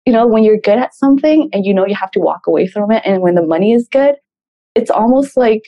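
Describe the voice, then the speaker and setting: A woman talking as a guest about leaving a job, reflective and measured, with light laughs. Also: medium pitch, lo-fi sound. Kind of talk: reflective conversation.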